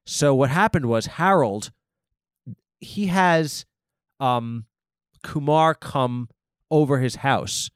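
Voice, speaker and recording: A man's voice: medium pitch, dry recording, clean studio sound. A man hosting a comedy podcast, rambling through an improvised monologue with lots of fillers, restarts and swearing. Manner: halting, rambling, profane, full of fillers.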